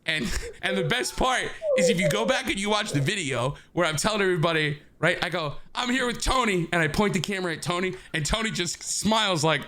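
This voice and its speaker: A man co-hosting a podcast, telling a story in casual chat, animated and laughing as he acts out what people said. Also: high voice, a little fast. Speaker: podcast co-host.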